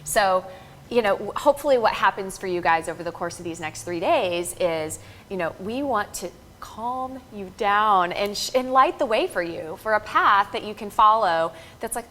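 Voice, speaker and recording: A woman's voice: medium pitch, lively intonation, normal speed, a bit bright. A woman co-presenting a live business workshop, explaining earnestly and checking in with the audience. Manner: earnest and explanatory, many fillers and "right?" checks.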